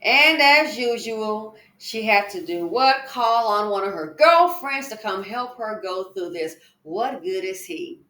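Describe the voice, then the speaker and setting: A woman delivers reaction commentary in an emphatic, indignant tone. She often asks rhetorical questions. Her mid-pitched voice rings in a roomy echo. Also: expressive, measured pace, few pauses, pushed and bright. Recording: echoey room.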